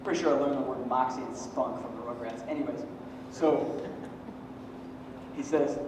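Thirty-something pastor in an echoing hall. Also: male voice, medium pitch, fairly even intonation, brisk, noisy background. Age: 30s. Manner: builds to loud emphatic peaks, then drops to quiet asides with jokes. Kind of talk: sermon. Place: church hall. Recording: echoey hall from far off.

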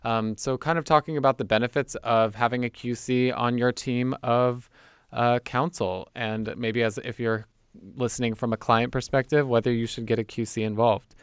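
A man's voice: mid-range voice, steady tone, moderate pace, smooth. A man hosting a podcast, interviewing a guest in an upbeat, casual way. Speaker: podcast host.

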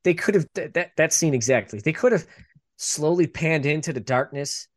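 A man's voice: fairly high pitch, moderate pace, no room sound, studio quality. A man co-hosting a casual movie chat in a laid-back, joking way. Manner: laid-back, peppers talk with "dude" and laughs. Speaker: podcast co-host.

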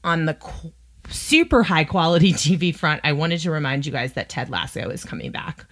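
A woman with a low, chatty voice talks through her latest recommendations. Her delivery is wry and loose, with fillers and side remarks throughout, in the easy manner of a podcast host. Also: very animated, moderate pace, a bit bright. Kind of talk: casual chat.

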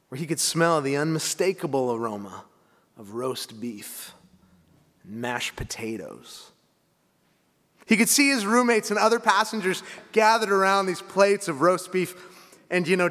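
Male pastor, slightly high voice, storytelling sermon, conversational asides, long church reverb. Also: fairly bright tone. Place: church sanctuary.

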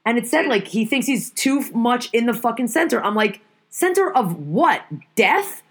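A woman's voice: a little high, a little fast. A woman in a casual, profane conversation, telling stories and ranting animatedly. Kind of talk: casual chat.

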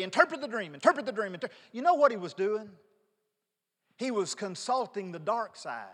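A man's voice: high-pitched, fairly bright tone, big-room sound. A man in his fifties preaching a sermon as pastor, emphatic and repeating key words for stress. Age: 50s.

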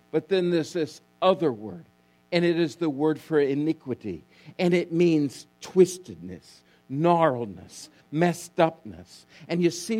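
Man, pastor, sermon, high voice, emphatic, faint hum. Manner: emphatic preaching, repeats key words, asks congregation to respond.

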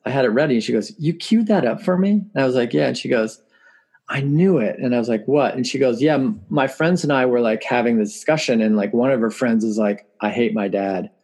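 A man's voice: mid-range voice, fairly even intonation, quick pace, hardly any pauses, darkish tone. A man in his forties, a musician guest telling family stories in casual interview chat, laughing often and acting out quotes.

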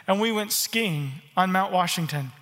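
A man's voice: high voice, moderate pace, long reverb tail. A middle-aged man preaching a sermon as pastor, telling stories and acting out quoted voices. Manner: storytelling, animated, mimics voices in quotes.

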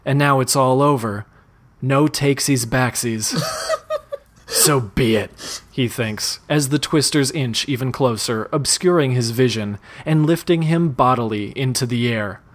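Brief: male reader, mid pitch, reading a spoof story and cracking up. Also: moderate pace. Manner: amused, often breaking into laughter. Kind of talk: comic reading of a parody story.

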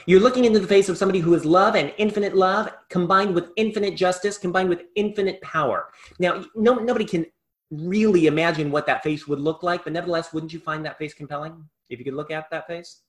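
واعظ رجل يلقي خطبة بحماس، صوته أعلى قليلاً من المعتاد. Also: male voice, high voice, steady tone, fast talker. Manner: impassioned, swings between loud and hushed. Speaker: preacher. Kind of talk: sermon.

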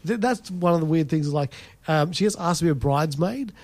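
A man co-hosting a podcast in casual chat, talking in a rambling, halting way. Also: a little high, expressive, dry recording. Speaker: podcast co-host.

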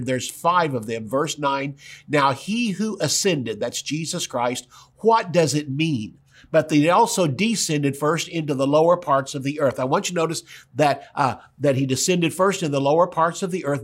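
A male pastor teaching verse by verse on a broadcast, stressing and repeating key words. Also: mid-range voice.

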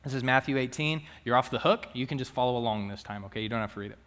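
A man's voice: mid-range voice, racing, a bit bright, smooth. A man, a student minister, preaching a sermon in a casual, conversational way with frequent asides to the congregation. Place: church sanctuary. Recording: long reverb of a church hall.

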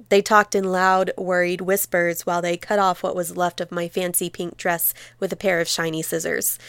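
Woman teacher reading aloud, smooth voice. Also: on the low side, fairly bright tone, no echo. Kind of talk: reading a memoir excerpt aloud.

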